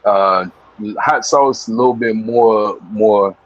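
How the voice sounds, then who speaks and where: A man on a live online debate panel, talking slowly and hesitantly, stammering as he starts his points. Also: lowish voice, dull audio. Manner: slow, hesitant, stammers at the start of each thought.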